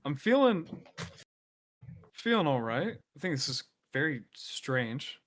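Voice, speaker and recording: A man's voice: a little high, very animated, slow, a bit bright. A groggy man on an online panel, talking hesitantly and rambling about his video plans. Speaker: panelist, YouTuber. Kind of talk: casual chat.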